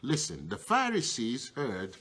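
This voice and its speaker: A middle-aged man preaching with a lively voice that swings up and down. He talks conversationally, leaning on "you know" and repeated refrains like a pastor working a congregation. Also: a little slow, slight background noise. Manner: rhetorical refrains, swinging pitch up and down. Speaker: bishop preaching. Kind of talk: sermon.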